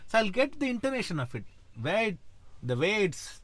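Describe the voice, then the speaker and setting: A man talks as a guest in a relaxed interview, often stopping mid-sentence to sing or intone a sample phrase before carrying on. His voice sits high for a man. It is recorded close on a dry, dead mic with no room sound. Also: a little fast, no echo. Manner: explains by singing and speaking sample words, many restarts. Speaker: podcast guest, music composer. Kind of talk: casual interview chat.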